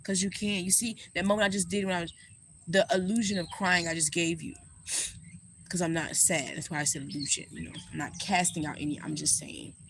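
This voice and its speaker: A woman giving a casual astrology reading. She talks straight to her viewers in a sassy, animated way and swears freely. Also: lowish voice, fairly quick, a little hiss or hum. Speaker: astrologer and spiritual reader.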